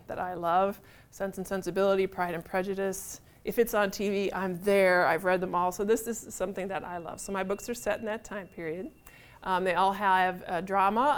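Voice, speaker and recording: A middle-aged woman author, giving a chatty, animated talk to a live audience in a room. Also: medium pitch. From United States. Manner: chatty, animated, self-deprecating humor.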